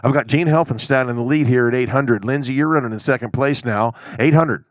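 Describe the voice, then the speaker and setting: A man working as a charity auctioneer, calling bids in a rapid rhythmic chant with slower chatty asides. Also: medium pitch, no room sound, studio quality.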